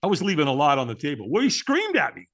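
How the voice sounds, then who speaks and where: A man's voice: a little high, wildly swooping pitch, fast talker. A middle-aged man, a podcast guest, telling a story with energy and acting out the voices of the people in it. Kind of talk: animated storytelling.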